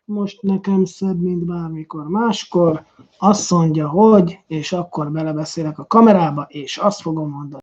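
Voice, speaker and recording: Halting Hungarian-accented man, mellow and dull. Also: fairly high pitch. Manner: halting, restarts with many fillers. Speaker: business coach. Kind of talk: rehearsing a video introduction to camera.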